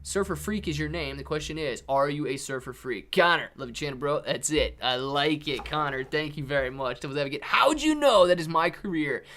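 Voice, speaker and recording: A man with a slightly high voice runs a casual live stream of market commentary. He talks in an upbeat, chatty way, calling out prices and thanking viewers by name. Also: expressive, fairly quick, few pauses, pushed and bright. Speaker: live-stream host reading viewer chat.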